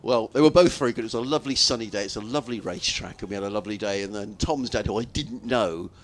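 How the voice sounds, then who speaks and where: A man calls cricket from the commentary box in a slightly low voice. He drifts into long, chatty stories between balls and laughs often. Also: fast. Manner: chatty, rambling anecdotes, laughs easily. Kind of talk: live radio-style ball-by-ball commentary.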